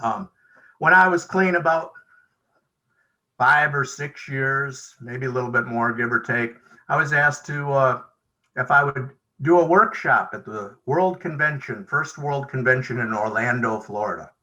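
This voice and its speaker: Man sharing at a recovery meeting on a video call; bright, forward voice; casual storyteller who voices the other people in his stories. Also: medium pitch, a little slow, highs cut off. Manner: conversational, acts out quoted dialogue. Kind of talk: storytelling share.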